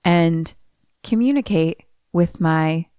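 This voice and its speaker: A woman's voice: on the low side, slow pace, mellow, clear, resonant tone, dry recording, clean studio sound. A young woman co-hosting a podcast, reacting expressively in casual chat. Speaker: podcast co-host.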